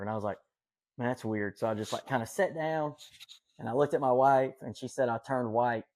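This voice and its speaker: Man, podcast guest, earnest, rambling, lots of fillers and self-corrections, mid pitch. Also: fairly quick, darkish tone. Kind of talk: casual storytelling.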